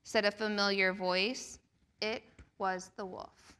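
A woman reading a picture book aloud to children during a church service, slow and expressive. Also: medium pitch, smooth. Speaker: children's storyteller.

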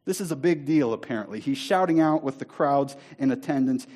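A man preaching a sermon in a church, speaking emphatically and slowing down to stress key words. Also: medium pitch, expressive. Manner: emphatic, rising to near-shouting on scripture. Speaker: pastor. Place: church sanctuary.

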